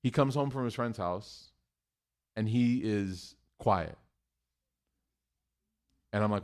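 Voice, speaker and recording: A middle-aged man giving a religious talk, telling a family story in an animated way, acting out quotes and using Arabic phrases. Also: fairly low pitch, slow pace, long pauses. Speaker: Muslim speaker.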